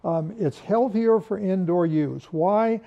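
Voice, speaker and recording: Older man, seasoned industry presenter; warm, folksy and joking, somewhat high and gravelly, dull lo-fi sound. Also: slow pace. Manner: folksy, rambling storyteller with humor. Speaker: wool carpet industry veteran giving product talk. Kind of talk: informal product presentation.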